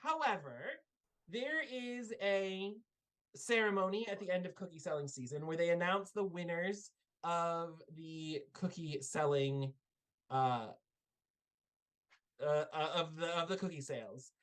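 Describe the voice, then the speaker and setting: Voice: mid-range voice, measured pace, fairly bright tone. A game master narrating a live tabletop game and closing the show, speaking loosely with frequent fillers.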